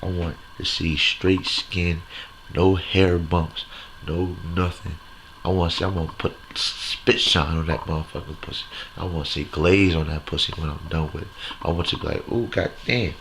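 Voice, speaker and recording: A deep-voiced man with a gravelly, creaky edge rants brashly and profanely, hosting his own comedy bit straight to the camera. His talk rambles along on repeated catchphrases, over a noisy hiss in the recording. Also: level tone, moderate pace, fairly bright tone. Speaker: host of a comedy segment. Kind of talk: crude stand-up style rant to camera.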